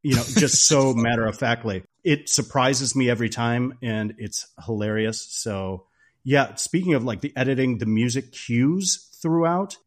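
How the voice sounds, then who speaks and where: A man's voice: mid-range voice, normal speed. A man co-hosting a podcast, talking about a film in an enthusiastic, playful way. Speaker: podcast co-host. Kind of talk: casual podcast film discussion.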